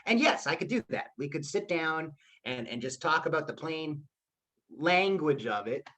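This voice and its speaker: A male teacher leading a live class over a video call. He talks in a loose, chatty way and keeps checking in with his students with a quick "okay?". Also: a little high, animated, a bit bright. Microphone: computer mic on a video call.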